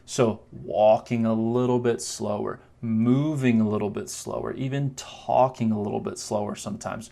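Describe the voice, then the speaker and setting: A man's voice: lowish voice, fairly even intonation, creaky, mellow. A man coaching men on confidence, talking to the camera in a conversational way and acting out brief demonstrations. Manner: conversational, explains with quick demos and mock voices. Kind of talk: direct-to-camera coaching talk.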